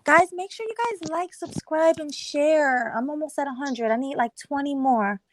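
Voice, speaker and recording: Soft-spoken woman hosting a panel. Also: high-pitched, normal speed, a little hiss or hum. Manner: soft-spoken, gently polite. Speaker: host. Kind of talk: casual panel discussion.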